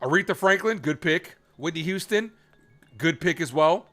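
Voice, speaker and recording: A man hosting a live baseball stream, chatting casually with viewers while calling the pitches in an animated way. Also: moderate pace, faint music behind. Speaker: live play-by-play streamer and host.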